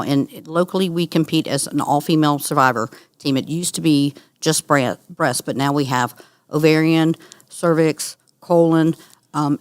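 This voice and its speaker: A woman's voice: low-pitched, dry recording, clean studio sound. Earnest woman telling her story. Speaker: guest, cancer survivor. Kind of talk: conversational interview.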